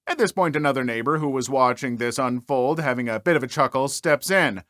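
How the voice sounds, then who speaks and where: A man's voice: medium pitch, animated, normal speed, hardly any pauses, a bit bright, no echo, studio quality. A man narrating stories aloud and giving chatty commentary full of fillers. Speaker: story narrator. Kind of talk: reading stories aloud and reacting to them.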